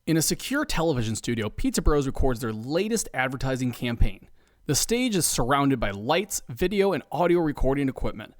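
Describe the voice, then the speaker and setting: A man telling a scripted comedy story with deadpan asides. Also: medium pitch, a little fast, no echo, studio quality. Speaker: podcast narrator.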